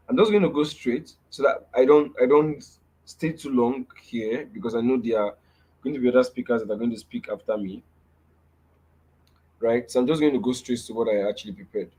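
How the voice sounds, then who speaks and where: A man's voice: mid-range voice, brisk, darkish tone. Nigerian man teaching a live webinar. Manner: repeats key phrases for emphasis, asks "right?" often. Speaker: webinar speaker.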